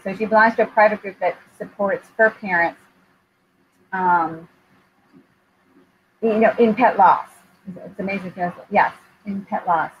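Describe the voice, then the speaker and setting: Woman host, candid and emotional, hesitant with fillers; muffled recording, faint noise. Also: medium pitch. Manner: candid and heartfelt, with frequent ums. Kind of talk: live interview chat. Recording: dull lo-fi sound with faint noise.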